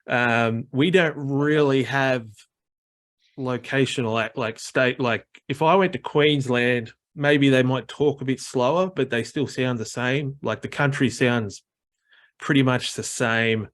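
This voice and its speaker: A man's voice: mid-range voice, fairly even intonation, measured pace, a bit bright. Rambling Australian man in casual chat. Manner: rambling, many fillers, mimics other accents.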